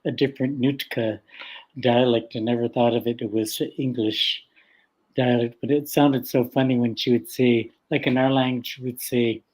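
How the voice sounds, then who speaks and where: An older man from the west coast of Vancouver Island, a guest storyteller telling stories in an unhurried, gentle way with frequent laughter. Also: medium pitch, steady tone, low-quality recording. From west coast of Vancouver Island, Canada. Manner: unhurried and gentle, laughs often between phrases. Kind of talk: casual spoken storytelling.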